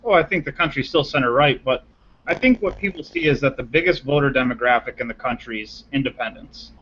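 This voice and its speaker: A man's voice: medium pitch, a little fast, a bit bright, dull audio, a little hiss or hum. A man arguing his case in a political panel discussion, driving points home by repeating them. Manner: argumentative, repeats points for emphasis.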